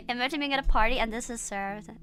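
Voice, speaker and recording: A woman streamer chatting casually and loudly, laughing often, swearing freely and apologizing over and over. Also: on the high side, moderate pace, faint music behind. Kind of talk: casual livestream chat.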